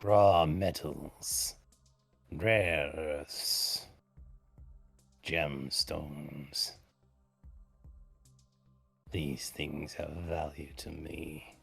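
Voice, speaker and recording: A man voicing a cold, haggling devil shopkeeper with wings and a tail, speaking low, slow and curt. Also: steady tone, gravelly, a bit bright, husky, no room sound, faint music behind, exaggerated voice. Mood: disdainful.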